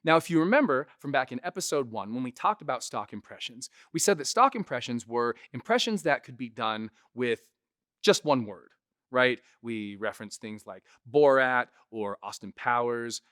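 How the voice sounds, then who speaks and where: A man's voice: medium pitch, animated, moderate pace, fairly bright tone, no echo, clean studio sound. A man who is a comedian and impressionist, giving a casual tutorial and often tagging his points with "right?". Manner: chatty, keeps adding "right?" to check in.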